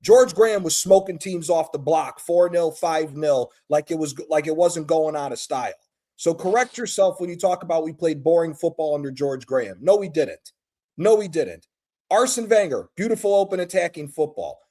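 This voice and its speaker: A man's voice: fairly high pitch, expressive, normal speed, dark tone. An American man calling in to a live talk show, ranting with passion and plenty of swearing. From United States. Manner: passionate, profane, emphatic. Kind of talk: heated call-in rant.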